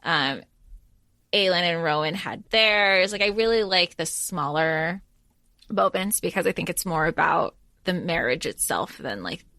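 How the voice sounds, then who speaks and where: A woman's voice: on the low side, measured pace, dry recording. A woman co-hosting a podcast, chatting casually about books, rambling and restarting her sentences. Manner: rambling, trails off and restarts, lively quoted voices. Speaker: podcast co-host. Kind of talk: casual book chat.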